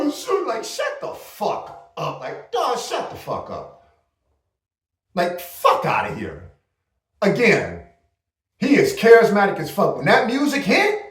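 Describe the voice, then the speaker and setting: A man's voice: fairly high pitch, recorded from a distance. A man hosting a casual wrestling recap livestream, ranting loosely with plenty of profanity. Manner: loose, profane, animated rants. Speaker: host. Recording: echoey room, voice off mic.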